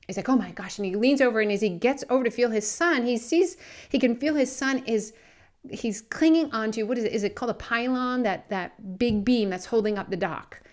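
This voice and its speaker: A woman's voice: on the high side, a little fast. Earnest woman telling a faith story. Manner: earnest, animated storyteller acting out the people in her story. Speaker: podcast co-host. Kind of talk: faith podcast chat with storytelling.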